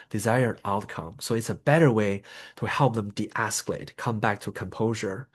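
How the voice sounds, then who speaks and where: Man explaining calm de-escalation steps. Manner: explanatory, acts out example scripts with raised pitch. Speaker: trainer. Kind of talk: professional development lecture.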